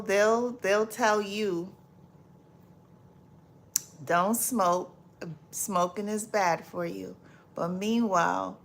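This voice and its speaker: A woman's voice: fairly low pitch, gravelly, slight background noise. A woman from South Florida hosting a live stream in a casual, chatty way, reading viewer comments aloud, repeating herself and laughing often.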